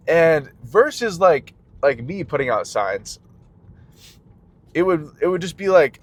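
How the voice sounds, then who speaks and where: Man, casual vlog rant from a car, filler-heavy, rambling, tangent after tangent, small business owner, mid-pitched voice. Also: brisk. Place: in a car while driving.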